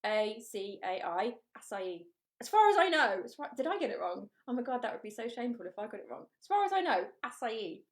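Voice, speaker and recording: Casting: a woman, fairly high voice, hosting a live cook-along, chatty and upbeat. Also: sing-song, racing, hardly any pauses. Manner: chatty, upbeat, reads out viewer comments. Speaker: cooking show host.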